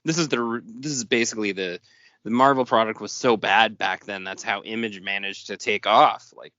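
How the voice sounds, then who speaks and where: A man's voice: on the low side, moderate pace, pushed and bright, no echo. Wry man in casual podcast chat. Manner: blunt, wry, swears casually. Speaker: podcast co-host. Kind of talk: casual comic book discussion. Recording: dry, dull lo-fi sound.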